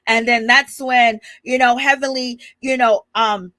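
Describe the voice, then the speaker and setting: A woman hosting a casual gossip recap of a reality show, animated and sassy, acting out quotes and laughing often, chatting to a live audience from home. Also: fairly high pitch, unhurried, no echo.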